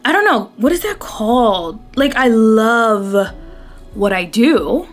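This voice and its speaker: A woman's voice: fairly high pitch, lively intonation, slow pace, soft background music. Chatty emotional woman in her thirties. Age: 30s. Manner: chatty, rambling, easily emotional. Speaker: beauty vlogger. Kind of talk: casual chat to camera while doing makeup.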